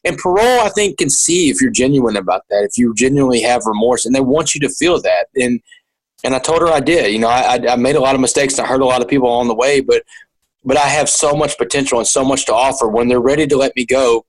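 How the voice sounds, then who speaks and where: Male interview guest, mid pitch, earnest, halting storyteller. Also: low-quality recording. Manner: earnest, halting with repeated restarts.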